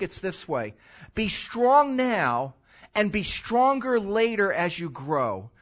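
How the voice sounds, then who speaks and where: An older man preaching a sermon as a pastor, animated, with loud emphatic stretches and quiet asides. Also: sits high, highs cut off.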